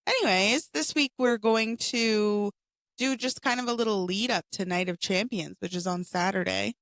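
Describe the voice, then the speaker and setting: Raspy, hoarse woman podcast co-host. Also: medium pitch, moderate pace, a bit bright, dry recording. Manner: chatty recap of wrestling storylines. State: hoarse from a cold. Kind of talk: casual chat.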